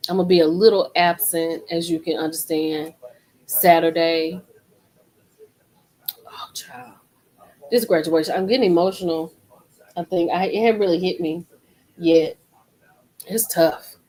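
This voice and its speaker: A woman's voice: fairly low pitch, darkish tone, poor audio. Middle-aged woman rambling on a live stream, talks right to the viewers, repeats herself a lot. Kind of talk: casual live-stream chat.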